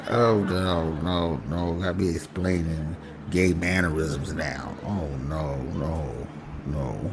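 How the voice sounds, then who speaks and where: A man's voice: extremely low pitch, slow pace, heavy background noise. A man hosting a casual livestream, talking in a loose, joking, slangy way. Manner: loose, joking and slangy, often trailing into laughter. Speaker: host.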